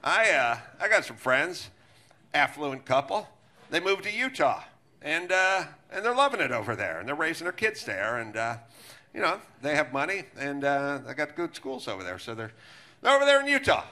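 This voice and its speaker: A man's voice: on the high side, big pitch swings, normal speed, pushed and bright, pitched below the performer's own voice. A man doing a mocking impression of a smug, evasive male politician who rambles. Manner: mocking impression, drawling and dismissive.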